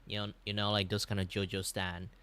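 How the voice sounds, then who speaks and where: A young man from Malaysia with a Malaysian English accent, chatting casually on a livestream in an animated, rambling way, with many restarts and laughs. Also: lowish voice, brisk, smooth. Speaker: VTuber streamer.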